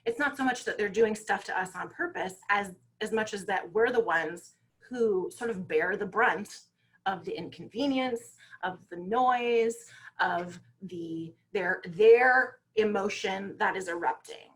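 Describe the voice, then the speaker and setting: A woman speaking as a guest on parenting, telling stories in a lively, conversational way and often checking in with "right?" over a video call. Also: mid-range voice, a little slow. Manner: lively storytelling, frequent "you know" and "right?". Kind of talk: conversational talk.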